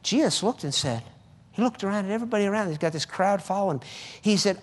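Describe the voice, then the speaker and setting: A man's voice: high voice, sing-song, quick pace. A man preaching a sermon, urging his listeners fervently and often repeating his words. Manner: fervent, repetitive exhortation. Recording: long hall reverb.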